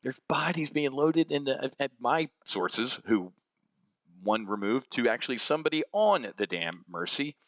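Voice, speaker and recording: A man's voice: medium pitch, very animated, moderate pace, a bit bright, no echo, dull audio. A man hosting an options trading show, giving blunt, heated market commentary that swings between outrage and somber reflection. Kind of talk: unscripted market commentary rant.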